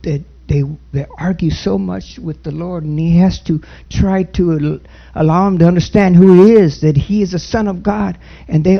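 A man preaching a sermon and leading a spoken prayer, earnest and halting, with many restarts. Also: fairly high pitch, creaky, breathy edge. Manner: louder and fervent when praying. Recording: dull lo-fi recording.

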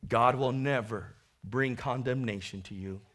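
Unhurried and mid-range, a man preaches to his flock and performs the biblical story, alternating whispered asides with drawn-out, loud cries.

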